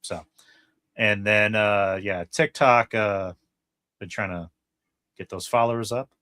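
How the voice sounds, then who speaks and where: Male podcast host, lowish voice, dry close mic, loose and rambling. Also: slow pace, bright, forceful tone, no echo. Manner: rambling, many fillers and restarts. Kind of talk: casual podcast chat.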